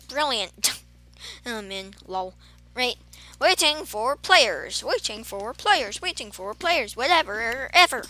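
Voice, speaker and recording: A woman's voice: a little high, sharp tone. A woman rambling through casual gameplay commentary, giggling and making playful beeping sound effects. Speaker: gamer commentating her play. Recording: faint game music behind.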